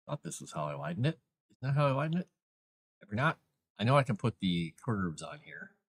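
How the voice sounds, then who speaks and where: A man's voice: mid-range voice, big pitch swings, a little fast, breathy edge. A man hosting a casual live stream, thinking aloud as he works and chatting to viewers and his cat. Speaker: author and live-stream host.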